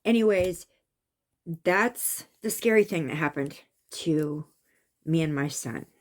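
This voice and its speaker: A woman vlogger telling her own psychic experience in a casual, animated way, raising her voice at the tense parts. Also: low voice, takes it slowly. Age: adult with a son. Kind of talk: casual storytelling monologue.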